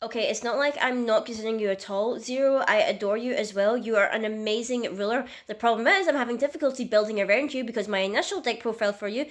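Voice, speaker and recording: A woman's voice: a little high, fast talker, few pauses. A young woman vlogging casually in a chatty, self-mocking and dramatic way. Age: young adult. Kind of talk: casual comedic vlog.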